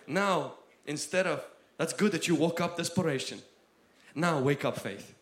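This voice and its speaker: A man preaching a sermon with passion, swinging between loud exhortation and quiet asides. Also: a little high, unhurried. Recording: roomy echo.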